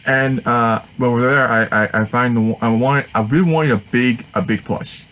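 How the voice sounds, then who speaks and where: A man telling a story in a casual vlog, rambling and excitable, often restarting his sentences. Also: medium pitch, moderate pace, hardly any pauses, poor audio. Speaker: vlogger.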